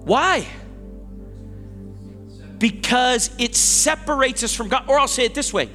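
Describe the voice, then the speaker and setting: A man's voice: very high-pitched, moderate pace, pushed and bright, in a large hall, soft background music. A man preaching a sermon as pastor, talking in a conversational way that stops and restarts often, with asides to the congregation. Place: church sanctuary.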